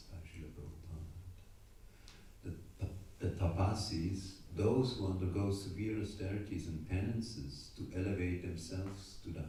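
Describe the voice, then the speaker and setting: A man reads scripture slowly in a deep, mellow voice, leading his listeners line by line. His words ring through a large echoing temple hall, picked up from a distance, with faint room ambience behind. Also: a little hiss or hum. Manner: measured, leads a congregation to repeat line by line. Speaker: scripture class leader. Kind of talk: reading scripture verses and translations aloud. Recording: echoey hall, voice far from mic.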